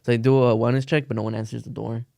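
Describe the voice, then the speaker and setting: A man's voice: mid-range voice, flat delivery, very fast, creaky, darkish tone, dry recording, clean studio sound. A young man casually telling a long story on a podcast, rambling with lots of "like" and cursing slang. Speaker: podcast co-host.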